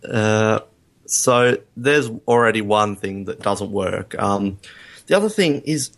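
A man's voice: lowish voice, animated, slow pace, a bit bright. A man in a casual film review chat, rambling and hesitant with many ums. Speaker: podcast co-host.

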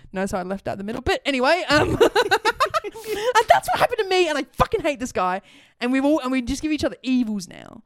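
A woman's voice: sits high, animated, fast, dry recording, studio quality. A young woman telling a story in casual chat, laughing often and swearing. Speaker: podcast co-host.

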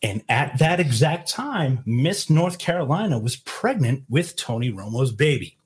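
A man with a slight Boston accent telling a profane, animated story in casual chat, acting out the people he quotes. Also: mid-range voice, unhurried. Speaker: guest storyteller.

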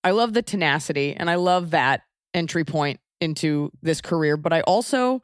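Female host, expressive pitch, dry booth sound. Enthusiastic, exclamatory. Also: normal speed, dry recording. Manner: effusive, exclaims often. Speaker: podcast host. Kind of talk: casual interview chat.

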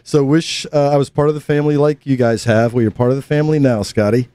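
A man's voice: medium pitch, steady tone, fast, dark tone, clean tone, dry recording. A man co-hosting a casual motorcycle podcast, reading a listener email with jokes and banter. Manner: jokey, chimes in with banter while reading. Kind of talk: casual chat. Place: home garage with a fan running.

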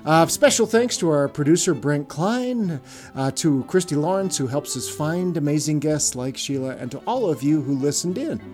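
A man's voice: fairly high pitch, lively intonation, normal speed, a little mellow, faint music behind. A man hosting a podcast in casual chat, rambling with many fillers. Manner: rambling, heavy on "you know" fillers. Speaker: podcast host.

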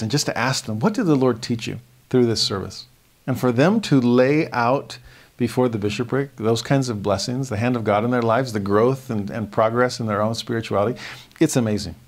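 A man teaching a scripture lesson, talking through verses with lively acted-out quotes and frequent restarts. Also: medium pitch. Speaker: religion teacher.

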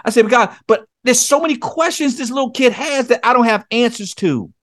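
As a podcast guest, a men's coach offers conversational testimony, telling a personal story with earnestness and acting out his pleas. His very high voice is animated, brisk and a bit bright, captured at studio quality without room sound.

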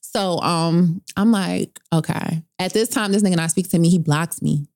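A young woman, telling a personal story in casual chat. She is animated, swears freely, and jumps high in pitch when she quotes people. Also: normal speed, gravelly. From New York.

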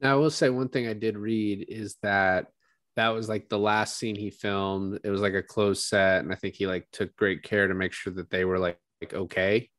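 A man with a fairly low voice, talking loosely about a film he is revisiting. He laughs a lot, curses freely and puts on quick voices for the characters. The sound is dry and close, with no room around it. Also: steady tone, fairly bright tone, no room sound. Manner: laughing, swearing, acts out quoted characters. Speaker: podcast co-host. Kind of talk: casual movie discussion.

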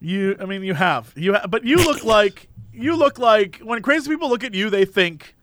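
A man's voice: high voice, lively intonation, normal speed, fairly bright tone, slight background noise. A man in casual chat, telling a story and acting out the voices of the people in it.

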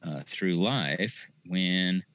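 A man with a very low voice talks through spiritual ideas on a podcast. He sounds thoughtful and unhurried, pausing often on fillers as he works through each point. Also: a bit bright, highs cut off. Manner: thoughtful, halting with many fillers. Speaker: podcast guest on mysticism. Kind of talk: casual spiritual discussion.

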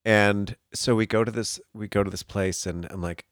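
A man in casual chat, telling a story in an animated, breathless way, with bursts of laughter and swearing. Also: deep voice, normal speed, dry recording, clean studio sound.

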